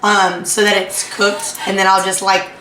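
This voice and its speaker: Woman player, bright voice, lots of like and gonna, echoey, a bit far from mic. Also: mid-range voice, completely flat delivery, a little hiss or hum. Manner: casual, halting, narrates her actions with many fillers. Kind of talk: tabletop role-play chat. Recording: echoey room, mic at a distance.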